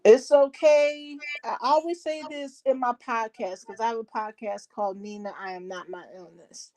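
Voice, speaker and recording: A woman's voice: fairly high pitch, steady tone, normal speed, a little mellow. A woman guest who hosts her own podcast, talking candidly and heartfelt about her own experience, with frequent ums. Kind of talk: candid personal conversation.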